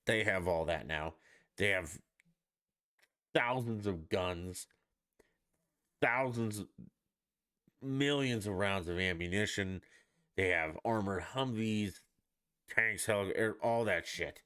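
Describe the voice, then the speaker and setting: Man, deep voice, sarcastic profane rant, solo stream host. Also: slow, pauses often, pushed and bright, smooth. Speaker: podcast host. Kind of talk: casual solo commentary.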